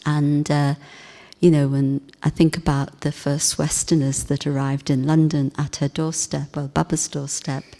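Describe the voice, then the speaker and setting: Low, slow, mellow woman teaching in a hall. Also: flat delivery. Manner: gentle, reflective, softly emphatic. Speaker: spiritual teacher. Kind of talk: spiritual class talk. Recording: long hall reverb.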